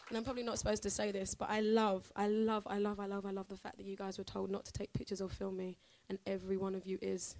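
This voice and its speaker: A woman's voice: mid-range voice, a little mellow, no echo. A woman, chatting in a bubbly, casual way as a singer answering questions from a live audience. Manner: bubbly, chatty, laughs often.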